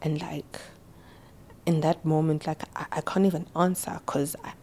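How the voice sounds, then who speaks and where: A young South African woman with an isiZulu-mixed accent, telling a personal story as a podcast guest, halting and repeating words as she goes. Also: low-pitched, little pitch movement, a little mellow, a little hiss or hum. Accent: South African, mixing isiZulu and English. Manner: halting, stammering repetitions; switches between English and isiZulu mid-sentence.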